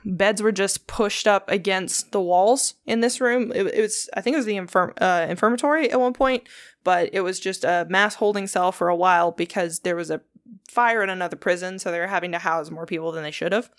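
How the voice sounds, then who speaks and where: A young woman telling ghost stories in a relaxed, chatty podcast manner. Her pitch sits in an ordinary middle range. Her speech is loose and full of swearing and filler words. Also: a little fast, no room sound, studio quality. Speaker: podcast host. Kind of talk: casual storytelling chat.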